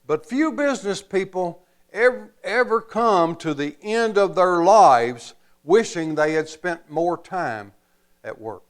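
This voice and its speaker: A man preaching a sermon as pastor, slow and emphatic, pausing often and adding folksy asides. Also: high-pitched, lively intonation.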